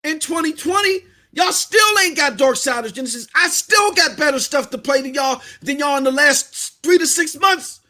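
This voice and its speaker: A man's voice: extremely high pitch, lively intonation, moderate pace, hardly any pauses, sharp tone. A man with a Southern US accent, hosting a podcast and ranting in blunt, fiery, slangy commentary. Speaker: podcast host. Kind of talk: heated commentary rant.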